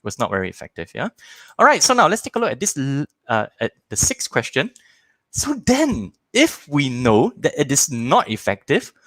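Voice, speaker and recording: A man hosting a live online parenting workshop, running audience polls and joking with viewers in an animated, playful way. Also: fairly high pitch, no echo.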